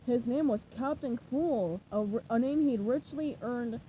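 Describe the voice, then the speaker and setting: A woman reading a children's chapter book aloud in a lively, expressive way. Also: on the high side, measured pace, a little hiss or hum, poor audio. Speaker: storybook reader.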